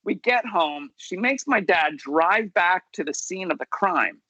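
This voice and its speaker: A man's voice: sits high, expressive, measured pace, pushed and bright, no room sound, rough recording. A man telling a funny childhood story at an online story slam, chatty and self-amused, over a video call. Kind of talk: personal story told at a virtual story slam.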